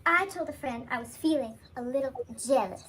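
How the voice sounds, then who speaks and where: A man voicing a cheeky, sassy puppet with quick, wry comebacks in a recorded skit. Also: very high-pitched, sharp tone, slight background noise, pitched above the performer's own voice.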